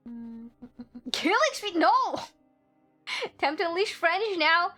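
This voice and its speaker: A woman's voice: extremely high pitch, expressive, measured pace, sharp tone, soft background music. A woman streaming a game, reading the story text aloud and joking playfully with chat, often giggling.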